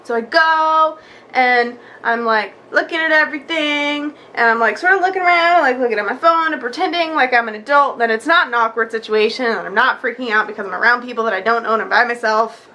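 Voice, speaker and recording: A young woman vlogger telling a story in a chatty, animated way, acting out what people said. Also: a little high, brisk. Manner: chatty, animated, acts out quotes with many likes. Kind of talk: casual storytelling vlog.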